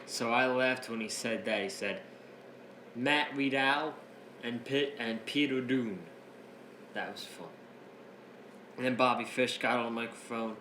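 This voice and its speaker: A man reviewing a wrestling show in a casual recap. He is excitable and rambling, keeps restarting his sentences, and breaks up laughing as he retells the jokes. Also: mid-range voice, a little slow, slight background noise. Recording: roomy echo, faint ambience.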